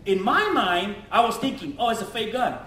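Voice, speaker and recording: Pastor guy telling his testimony, high voice, lots of slang, sounds far off in an echoey church. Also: moderate pace. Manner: animated storytelling with slang and acted-out quotes. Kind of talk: testimony sermon.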